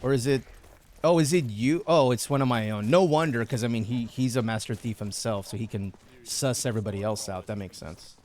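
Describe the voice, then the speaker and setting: A man's voice: mid-range voice, a little fast, darkish tone, a little hiss or hum. A man streaming a game, chatting casually and joking, laughing often. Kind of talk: casual live-stream chat.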